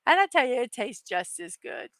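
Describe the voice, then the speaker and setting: A bright, fairly high-voiced middle-aged woman hosts a casual morning live chat, upbeat and rambling, with plenty of ums and uhs. The sound is close and dry, with no room around it. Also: sing-song, normal speed, no echo. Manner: chatty and upbeat, many fillers and asides, reads viewer comments aloud. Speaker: host of a daily morning show.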